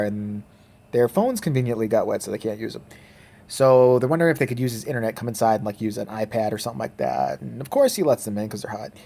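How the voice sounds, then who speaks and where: Male reviewer, casual and profane, rambling delivery with fillers, mid-pitched voice. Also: a little mellow. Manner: mimics characters in quick quoted voices. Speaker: movie reviewer. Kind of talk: casual spoken movie review.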